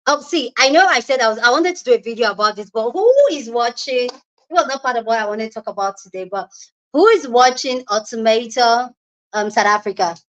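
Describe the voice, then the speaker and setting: A woman's voice: a little high, a little fast, a bit bright. A young Nigerian woman with a Nigerian accent hosting a casual live chat, greeting viewers by name and giving her opinions. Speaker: livestream host. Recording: lo-fi livestream audio.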